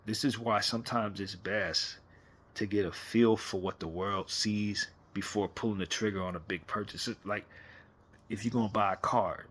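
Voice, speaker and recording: A man's voice: on the low side, fairly bright tone, breathy edge. A man hosting a casual late-night fan chat on camera, talking animatedly and rhetorically, often repeating himself. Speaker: fan commentary host.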